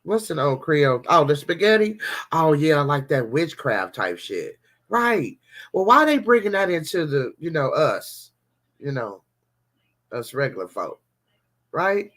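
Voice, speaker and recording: Animated woman hosting a devotional vlog. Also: low-pitched, unhurried. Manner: animated, chatty, talks straight to viewers. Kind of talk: casual devotional chat to viewers.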